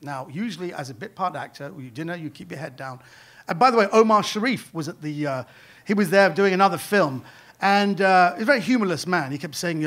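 A British comedian telling a true story live on stage, animated and self-deprecating. His voice sits notably high for a man, and he often laughs along as he talks. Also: a little fast.

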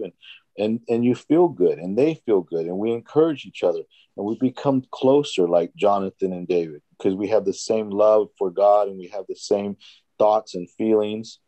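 Low mellow guy talking earnestly at a church discussion, dry close sound. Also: moderate pace, no room sound. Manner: earnest, storytelling, acts out conversations. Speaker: Bible study participant.

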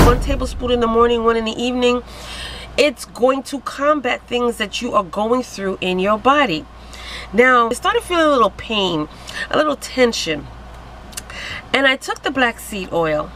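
A woman vlogging to camera in an excited, giddy way, exclaiming and laughing. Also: on the high side, noisy background. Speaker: vlogger selling wellness products. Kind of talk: excited casual vlog to camera.

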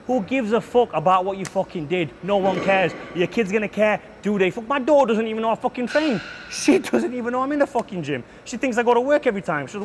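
A man's voice: high-pitched, expressive, quick pace, a little hiss or hum. A man coaching a gym workout, brash and profane, lecturing bluntly between heavy sets in a gym.

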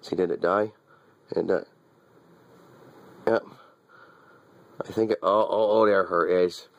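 A man's voice: low-pitched, fairly even intonation, takes it slowly, gravelly, no room sound, dull audio. A man giving a wry, teasing running commentary as he films his little dog, often repeating himself. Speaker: dog owner filming his pet. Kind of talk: casual running commentary to camera.

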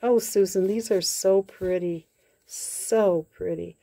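A woman crafting vlogger chatting casually as she opens happy mail, gushing with soft excited exclamations. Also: mid-range voice, takes it slowly, gravelly. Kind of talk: casual unboxing chat.

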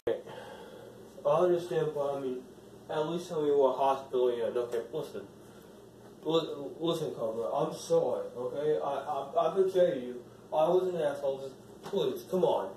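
A young man playing an anxious friend who pleads and apologizes in soft tones in an amateur phone-call drama. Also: on the high side, moderate pace, reverberant, distant mic, slight background noise, close to an everyday voice. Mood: pleading.

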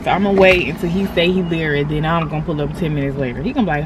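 A young woman in her twenties vlogs from behind the wheel, talking to a phone held close. Her talk is blunt and full of swearing and teasing. Road and engine noise runs clearly under her voice. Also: low-pitched, animated, rapid-fire. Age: 20s. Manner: blunt, profane, playful trash talk. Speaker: vlogger. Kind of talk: casual vlog chat. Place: in a car.

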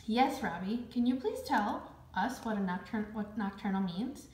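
A woman's voice: medium pitch, lively intonation, normal speed, a little mellow, a little hiss or hum, natural voice. A woman reading the part of a strict female schoolteacher in a storybook, firm and patient. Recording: roomy echo.

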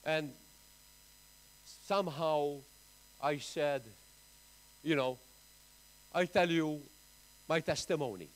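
A Maltese pastor delivers a sermon at a slow, deliberate pace. His voice sits fairly high for a man, and his emphatic preaching rises loud and falls soft again and again. It is recorded in a church. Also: rough recording. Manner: emphatic preaching with big swings in pitch and loudness.

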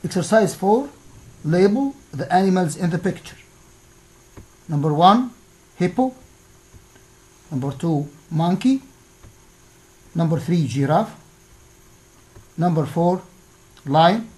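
A woman teaching an English lesson, reading out exercise answers one by one with pauses. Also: fairly low pitch, a little mellow, low-quality recording. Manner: slow, deliberate, pausing after each answer.

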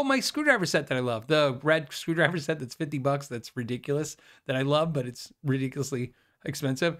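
A man hosting a live guitar show, chatting casually and rambling, with fillers and quick self-deprecating laughs. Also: on the high side, fairly bright tone. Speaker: host of a guitar livestream. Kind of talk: casual live chat reading viewer questions.

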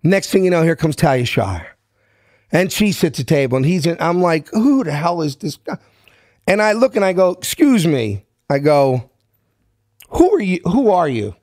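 Recorded in studio quality without room sound, a fifties-aged guest from South Philadelphia with a Philadelphia accent tells an interview story in a fairly high voice at moderate pace. He's animated and acts out every voice in his anecdotes.

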